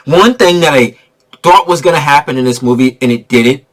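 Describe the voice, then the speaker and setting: A man giving a casual spoiler movie review, excitable and profane, laughing often and a bit tipsy from drinking. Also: a little high, a little fast. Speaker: film reviewer.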